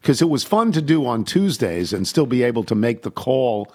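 A man's voice: mid-range voice, very animated, moderate pace, mellow. An older man hosting a talk show, chatting casually and telling rambling, self-deprecating stories. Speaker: host. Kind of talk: casual chat.

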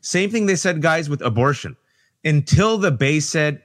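A man speaking as a guest on a political podcast panel, emphatic and animated, talking in quick bursts and mimicking people as he argues. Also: a little high. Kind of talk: impassioned political podcast discussion.

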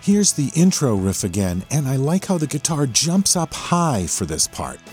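An enthusiastic man talks through a rock track like a teacher, his voice swinging up and down as he points out each guitar part. The song plays clearly underneath him the whole time, and his voice sits at an ordinary middle pitch. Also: big pitch swings, moderate pace. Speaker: host breaking down a rock song. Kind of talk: explanatory music commentary. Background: the song playing underneath.

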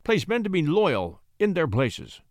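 A man's voice: a little high, wildly swooping pitch, measured pace, no room sound, studio quality, voice pushed up, full character voice. A man voicing a stern, harsh-voiced duke who is suspicious and zealous, giving clipped orders. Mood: urgent.

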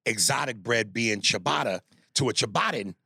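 A man's voice: mid-range voice, lively intonation, moderate pace, gravelly, bright, forceful tone, husky, no echo, studio quality. A man co-hosting a podcast, trading crude jokes in casual chat. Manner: crude, joking banter. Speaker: podcast co-host.

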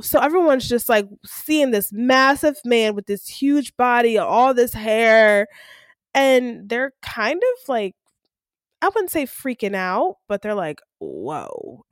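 A woman's voice: fairly high pitch, animated, measured pace, no echo, studio quality. A woman co-hosting a recap podcast, casually retelling episode scenes and acting out the characters' lines. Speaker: podcast co-host.

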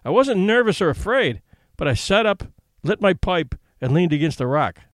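A man's voice: high voice, big pitch swings, normal speed, dry recording. A man narrating an audiobook story in a wry, folksy way, switching into character voices.

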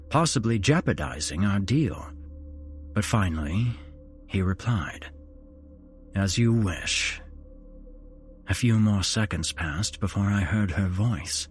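A man hosting a horror podcast, narrating a first-person story in an unhurried, dramatic storytelling way. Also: fairly low pitch, a little hiss or hum. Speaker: host and narrator.

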